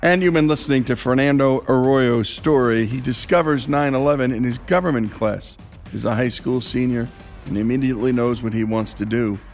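A man's voice: medium pitch, brisk, faint music behind. A male radio host wrapping up a story and reading a donation appeal in a polished delivery.

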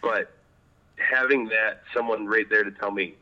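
Guest spot: fairly low male voice, chatty, laughs a lot, slightly dull lo-fi audio. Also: unhurried. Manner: chatty, laughs often, animated when retelling. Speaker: podcast guest, apprentice pipe maker. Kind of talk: casual interview chat.

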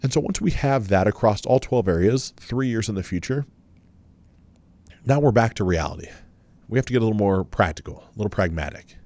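A man's voice: lowish voice, lively intonation, fairly quick, darkish tone. A man giving a self-help talk and leading listeners through a guided visualization, coaching them with many questions.

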